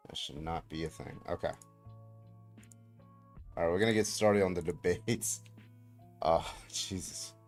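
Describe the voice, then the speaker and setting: A deep-voiced man hosting a casual livestream, swearing freely as he talks through his setup. Now and then he jumps into sudden loud outbursts. Faint music plays underneath. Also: measured pace, long pauses. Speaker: livestream host.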